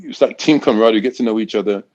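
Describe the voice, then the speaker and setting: A man's voice: on the low side, very fast, darkish tone, lo-fi sound. A man in his sixties from Great Britain, a college throws coach telling stories in a casual interview, rambling with frequent restarts.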